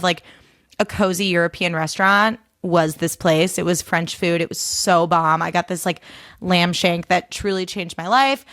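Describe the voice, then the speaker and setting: Young american woman, podcast host, chatty storytelling, acts out voices, dry close sound. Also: no room sound. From United States. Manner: animated, acts out voices with big pitch jumps, heavy use of "like". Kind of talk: casual storytelling monologue.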